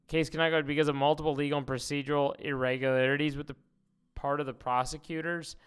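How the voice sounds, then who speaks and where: A man's voice: a little high, steady tone, fast, a bit bright, smooth. A man streaming casual commentary, rambling, swearing and reading posts aloud.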